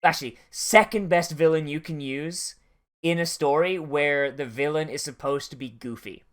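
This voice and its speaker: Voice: mid-range voice, normal speed, fairly bright tone. An anime watch-along host giving casual, profane commentary that wanders into long tangents. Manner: profane, rambling and tangential storytelling.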